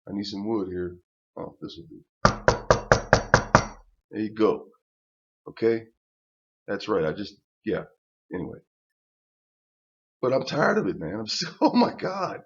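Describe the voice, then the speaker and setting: A man's voice: lowish voice, lively intonation, measured pace, pauses often, a little hiss or hum. An older man telling a personal story to camera in a rambling, profane rant full of restarts. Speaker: channel host. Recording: dull lo-fi recording.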